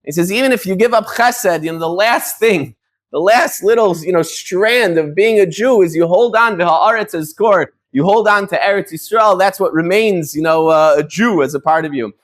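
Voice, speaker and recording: A man's voice: high voice, normal speed. A middle-aged man, a rabbi, teaching a conversational Torah lesson, explaining patiently with restarts and Hebrew terms in Ashkenazi pronunciation.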